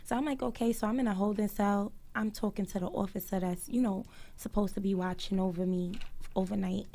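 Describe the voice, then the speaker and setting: A woman's voice: mid-range voice, fairly even intonation, a little fast, warm tone. A woman, a guest earnestly telling a personal story on a live talk stream and acting out what others said. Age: 30s.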